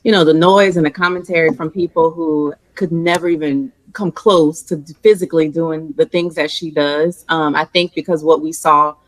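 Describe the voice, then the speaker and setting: A woman with a New Orleans Southern accent speaks as a guest psychologist, in a lower voice. Her answers are articulate and measured, and the recording is dry and close. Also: steady tone, no echo, poor audio. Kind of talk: interview answers.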